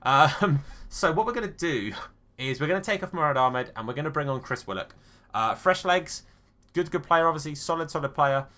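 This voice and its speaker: A man talks through his own football video game match as he plays it. His voice is bright and forceful. He is chatty and self-deprecating, and swings between excitement and disappointment. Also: a little high, moderate pace. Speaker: gaming YouTuber.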